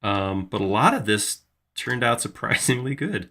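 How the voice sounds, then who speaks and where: A man's voice: mid-range voice, lively intonation, normal speed, bright, forceful tone. A man hosting a live 3D modeling tutorial, casually thinking aloud as he works. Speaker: host modeling in 3D software.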